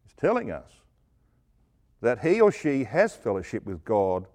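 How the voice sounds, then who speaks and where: A middle-aged man preaching a Bible exposition sermon, emphatic, asking rhetorical questions and swinging from loud stresses to hushed asides. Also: medium pitch, wildly swooping pitch, unhurried, long pauses.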